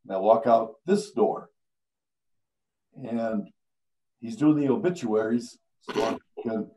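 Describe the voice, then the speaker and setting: An older man, a veteran radio announcer, telling stories on stage at a live event, animated and acting out the people he quotes. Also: medium pitch, slow pace, pauses often, low-quality recording. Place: live event before an audience.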